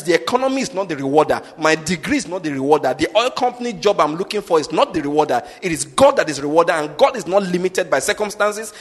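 A man's voice: high voice, in a large hall. A man preaching a sermon in an emphatic way, often asking his listeners whether they follow his point. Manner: emphatic, repeats rhetorical questions to the congregation.

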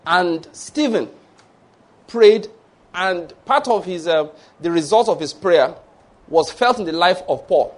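High-voiced Nigerian pastor preaching. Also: male voice. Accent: Nigerian English. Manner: storytelling, mimics voices, bursts into shouted mock prayers. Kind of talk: sermon.

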